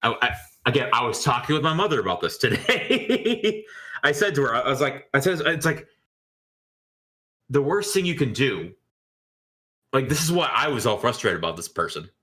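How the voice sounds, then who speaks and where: A man's voice: mid-range voice, sing-song, moderate pace, bright, forceful tone. A man co-hosting a casual commentary podcast, rambling and exasperated, often stammering and restarting his sentences. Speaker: podcast co-host.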